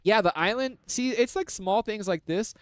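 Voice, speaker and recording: A man's voice: high-pitched, moderate pace, smooth. A man giving casual live commentary on a strategy game, chatty and analytical, with lots of filler words. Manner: chatty and analytical, heavy use of "like".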